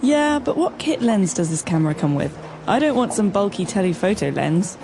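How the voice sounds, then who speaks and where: A woman playing a confident wife shopping for a camera, brisk and a little dry, in a scripted learner dialogue. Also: mid-range voice, sing-song, background noise. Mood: brisk customer. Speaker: actor in a listening dialogue.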